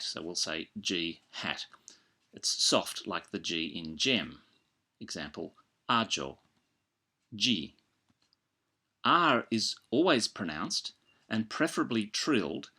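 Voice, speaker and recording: Male language teacher, lowish pitch, bright forceful tone, patient and clear. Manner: patient, spells out sounds slowly with example words. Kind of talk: instructional narration.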